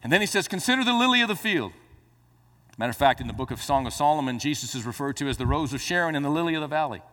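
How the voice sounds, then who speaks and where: A man preaching a sermon as pastor, swinging between quiet explanation and rising exclamations, with playful asides to the congregation. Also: fairly high pitch, big-room sound.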